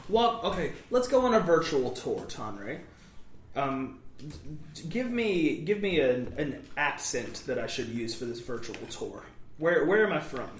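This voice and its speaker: A man's voice: a little high, sing-song, measured pace. A young man co-hosting a casual podcast, rambling and upbeat, with lots of "like" and "um". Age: young adult. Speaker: podcast co-host. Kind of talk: casual chat. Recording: echoey room.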